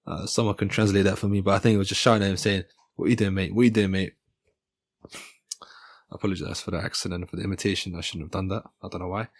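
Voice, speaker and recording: A man's voice: sits low, flat delivery, very fast. A man hosting his own channel, giving a casual, joking breakdown of upcoming fights and often correcting himself mid-sentence. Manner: chatty and joking, with frequent self-corrections. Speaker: MMA channel host. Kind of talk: casual fight-analysis commentary.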